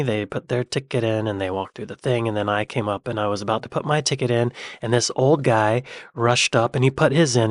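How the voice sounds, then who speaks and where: An American man hosting a reaction channel, chatting and joking with quick laughs. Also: medium pitch, no room sound, studio quality. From United States. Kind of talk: casual reaction commentary.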